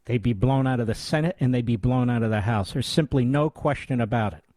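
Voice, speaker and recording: A man's voice: mid-range voice, a little fast, mellow, dry recording. A man in his sixties hosting a talk radio show, delivering combative, scornful commentary with heavy emphasis. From United States. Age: 60s. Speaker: radio host.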